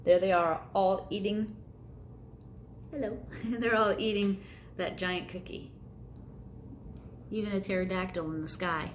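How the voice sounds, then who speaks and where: A woman's voice: medium pitch, steady tone, unhurried, pauses often, slight background noise. A woman reading a picture book aloud to children, playfully voicing sound effects and chatting about the pictures. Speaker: storyteller for children. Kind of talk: storybook read-aloud.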